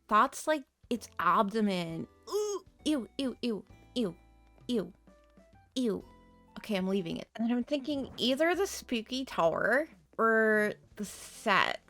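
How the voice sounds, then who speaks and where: A woman talks her way through decorating in a cozy game, thinking out loud and giggling at her own choices. She speaks slowly and takes her time. Faint music plays underneath. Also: medium pitch. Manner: chatty, giggly, talks to herself while building. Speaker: game streamer. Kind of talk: casual gameplay commentary.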